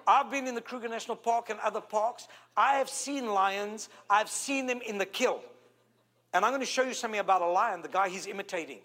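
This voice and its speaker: A man from South Africa with a South African accent, preaching a sermon in an animated way, stretching key words and calling for amens from the congregation. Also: sits high, fairly quick.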